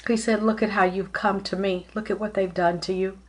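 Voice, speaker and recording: A woman's voice: medium pitch, steady tone. Rambling woman talking to viewers. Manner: rambling, halting, many fillers and restarts; greets viewers mid-speech. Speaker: spiritual medium host. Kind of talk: casual livestream talk.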